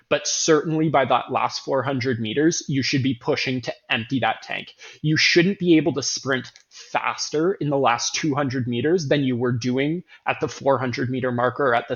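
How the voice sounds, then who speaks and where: Male host, casual and earnest, emphatic restarts, slightly muffled recording. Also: mid-range voice. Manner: earnest, self-correcting, emphatic repetition. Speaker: running coach host. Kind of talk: casual podcast talk.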